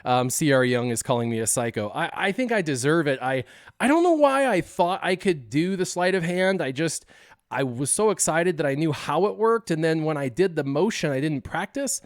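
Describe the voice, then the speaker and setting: Young male streamer, slightly high smooth voice, lively storyteller, dry close sound. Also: normal speed, no echo. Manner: animated storyteller who acts out scenes and laughs often. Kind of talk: casual live-stream storytelling.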